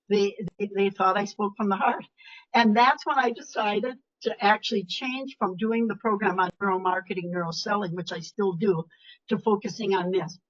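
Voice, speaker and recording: A woman's voice: mid-range voice, fairly bright tone. An older woman giving a webinar talk as a motivational speaker, emphatic and chatty. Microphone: video call. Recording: lo-fi video call audio.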